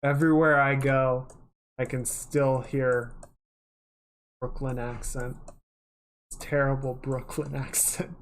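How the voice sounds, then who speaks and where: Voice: medium pitch, flat delivery, slow, pauses often. Rambling, casual livestreamer. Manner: rambling, chatty, swears casually. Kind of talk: casual chat while working on stream.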